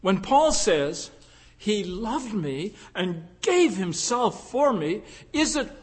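A man preaching a sermon, asking rhetorical questions and swelling from hushed tones to fervent emphasis. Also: sits high, very animated, takes it slowly, breathy edge. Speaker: pastor.

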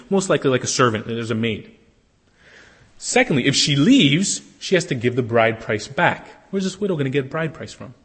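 A man preaching a sermon as pastor, animated and acting out characters, with a husky voice. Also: fairly high pitch. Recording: long hall reverb.

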